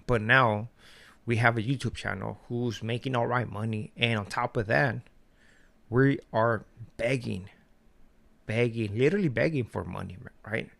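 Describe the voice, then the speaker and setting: A man with a gravelly, fry-edged voice rants to his channel in a loose, profane way. He tells stories in street slang and laughs often. His pitch sits mid-range for a man. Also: measured pace, a bit bright. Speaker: vlogger. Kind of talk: casual rant to camera.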